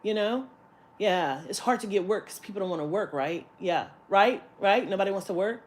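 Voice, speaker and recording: A woman's voice: medium pitch, lively intonation, normal speed. A woman vlogger telling a story in a heated, profane rant that breaks into laughter.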